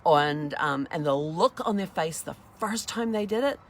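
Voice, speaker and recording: Chatty woman host, slightly low voice. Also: lively intonation, moderate pace. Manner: chatty, acts out little dialogues. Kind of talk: casual motivational talk.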